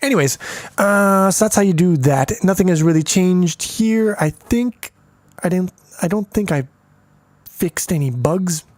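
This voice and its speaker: A man's voice: high-pitched, unhurried, darkish tone, no room sound. Man walking through code, rambling and crude. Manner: rambling, crude jokes and swearing; thinks aloud, many fillers. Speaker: programming tutor. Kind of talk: casual screencast code walkthrough.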